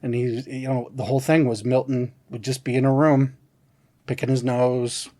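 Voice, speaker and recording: A man's voice: mid-range voice, level tone, normal speed, dark tone. A man co-hosting a podcast in casual chat, laughing a lot, swearing freely and acting out quotes in put-on voices. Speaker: podcast co-host.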